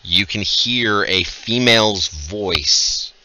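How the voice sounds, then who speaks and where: A man's voice: on the low side, takes it slowly, sharp tone, rough recording. A man running a tabletop game as dungeon master, narrating scenes and giving rulings. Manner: describes scenes and rulings, laughs along with players.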